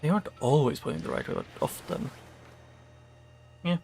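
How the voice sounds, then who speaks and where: A man's voice: fairly high pitch, huge pitch swings, normal speed, gravelly, darkish tone, faint music behind. A man streaming a video game, chatting casually and reading the game's dialogue aloud. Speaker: gaming streamer. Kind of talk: casual let's-play commentary.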